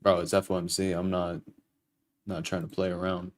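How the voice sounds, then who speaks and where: A young man with a low voice hosts a live trading stream. He talks casually and swears now and then while he walks his viewers through a trade. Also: flat delivery, moderate pace, a little hiss or hum. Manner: casual and profane, explains trades to chat. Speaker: livestream trading host. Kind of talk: casual livestream chat.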